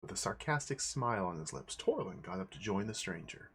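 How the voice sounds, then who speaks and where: A man's voice: deep voice, animated, a little fast, vocal fry, hardly any pauses, a bit bright, slightly rough. A man streaming, casually reading a fantasy game manual aloud to viewers.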